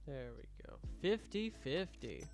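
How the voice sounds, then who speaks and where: A man's voice: fairly high pitch, big pitch swings, unhurried. A young man casually commenting while streaming a game, joking and mock-scolding the customers, with faint music behind him.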